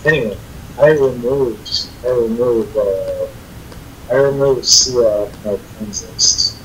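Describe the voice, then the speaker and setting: A man chatting casually on a voice call, often halting and restarting his sentences. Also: medium pitch, a bit bright, slight background noise, low-quality recording. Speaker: voice chat participant. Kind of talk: casual chat.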